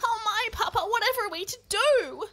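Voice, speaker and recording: A woman's voice: extremely high pitch, expressive, fairly quick, sharp tone, voice pushed up, full character voice. A woman voicing a fussy mama koala with a whiny, cooing voice, reading a storybook. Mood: whining.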